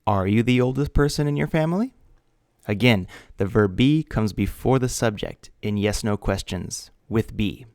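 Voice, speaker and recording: Male ESL teacher, recorded lesson; measured and patient, spells things out; lowish voice, dry sound. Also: darkish tone, dry recording.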